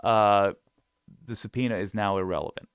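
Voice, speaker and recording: Sarcastic man with a low, smooth voice. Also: normal speed, no room sound, clean studio sound. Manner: sarcastic, scoffing, frequent laughs. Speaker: political commentary host. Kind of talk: reading and mocking quotes, casual commentary.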